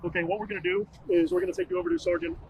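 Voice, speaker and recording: A man working as a police investigator in archival audio, giving calm, methodical instructions. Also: sits high, very fast, dull audio, a little hiss or hum. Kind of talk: recorded police interview.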